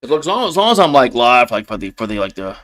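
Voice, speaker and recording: A man's voice: very animated, fast talker. A man calling a football game play-by-play on a livestream as a frustrated fan, rambling with restarts and now and then swearing, his voice jumping up on big plays. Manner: voice jumps high and loud on big plays. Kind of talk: casual play-by-play commentary.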